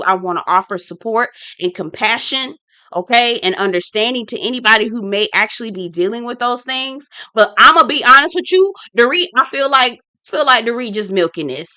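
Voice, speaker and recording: A woman's voice: a little high, pushed and bright, dry recording, studio quality. A woman hosting a casual reality-show review vlog, blunt and sassy, talking straight to her viewers and repeating her points for emphasis. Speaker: reality TV recap host.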